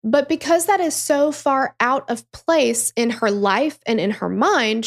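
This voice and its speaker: A woman's voice: high voice, expressive, moderate pace. Casual, swearing woman telling a story. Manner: conversational, swears freely, emphatic. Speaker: true crime podcast host.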